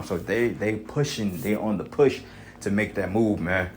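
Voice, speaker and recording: Heated, profane man with low voice. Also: a little slow. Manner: profane and heated, slangy, many fillers. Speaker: commentator. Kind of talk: casual monologue commentary.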